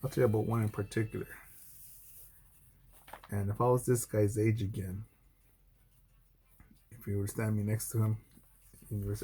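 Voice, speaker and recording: A man's voice: level tone, moderate pace, long pauses, mellow, slightly rough, soft background music. A man who is a former Marine, talking bluntly and profanely in an unscripted vlog monologue, with many restarts. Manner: mimics others in a high mocking voice.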